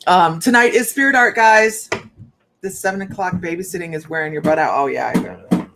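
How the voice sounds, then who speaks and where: A woman's voice: fairly low pitch, normal speed, a bit bright, slight background noise. A woman working as a psychic medium, giving a rambling, chatty live reading and talking straight to her viewers.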